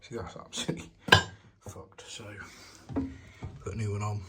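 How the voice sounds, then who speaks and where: A man's voice: on the low side, flat delivery, moderate pace. A British man, a self-employed plumber, chatting bluntly and swearing freely to his camera as he vlogs his working day. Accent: British English. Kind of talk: casual day-in-the-life vlog. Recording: background noise from traffic and vehicles.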